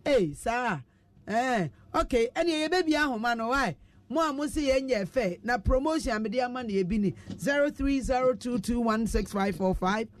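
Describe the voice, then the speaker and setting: A Ghanaian woman hosts a radio program with a high, bright-sitting voice. She teases her guest and reads listener shout-outs in a playful, chatty way, laughing easily. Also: expressive, moderate pace, no room sound. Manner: playful, teasing, laughs often. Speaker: radio show host. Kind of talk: casual radio chat, reading listener messages. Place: radio studio.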